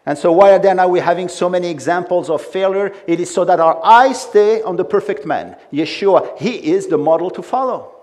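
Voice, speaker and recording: A man's voice: sits high, moderate pace, hardly any pauses, darkish tone. A man preaching a sermon with emphatic delivery and frequent conversational asides.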